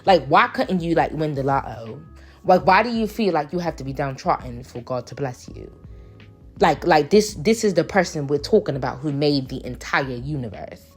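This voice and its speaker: A woman with a low, husky voice puts on a British accent while she chats through a nail tutorial. She rambles and preaches a little, with plenty of fillers, over faint music. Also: lively intonation, moderate pace. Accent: put-on British. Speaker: nail artist.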